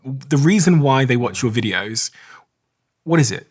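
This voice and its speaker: A man hosting a podcast, asking long, probing questions at a measured pace. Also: mid-range voice, expressive, breathy edge. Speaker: podcast host. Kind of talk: interview questioning.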